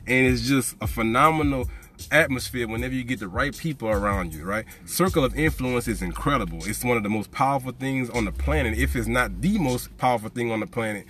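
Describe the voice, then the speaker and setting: A man's voice: mid-range voice, brisk, fairly bright tone, faint music behind. A man hosting a motivational podcast, preachy and fired up, repeating phrases for emphasis. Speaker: podcast host.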